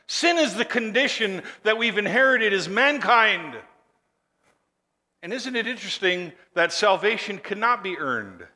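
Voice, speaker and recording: A male pastor preaching a sermon, emphatic and building to forceful declarations, leading the congregation in call and response. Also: sits high, animated, unhurried, in a large hall.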